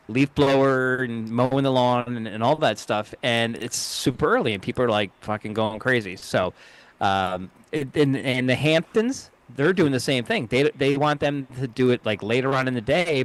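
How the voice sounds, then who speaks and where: A middle-aged man co-hosting a casual show over a video call, talking fast, rambling and swearing, with many restarts. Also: mid-range voice. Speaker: co-host. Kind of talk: casual banter.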